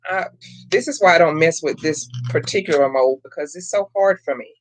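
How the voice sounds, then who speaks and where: A woman's voice: low-pitched, fairly quick. A middle-aged woman, hosting a live craft stream and chatting with viewers as she works. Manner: chatty, addresses viewers as y'all, greets chat by name. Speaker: craft channel host. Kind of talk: casual live-stream chat while crafting.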